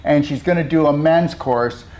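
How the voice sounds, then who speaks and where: A man hosting a casual health talk, his voice sitting a little high for a man. He is blunt and preachy, driving each point home with emphatic repetition and rhetorical questions. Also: normal speed, darkish tone. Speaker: host.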